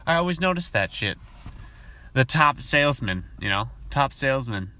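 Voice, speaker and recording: A man hosting a podcast, talking in a casual, rambling monologue full of profanity, and sometimes mimicking coworkers in high voices. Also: big pitch swings, moderate pace, sharp tone, no room sound. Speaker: podcast host.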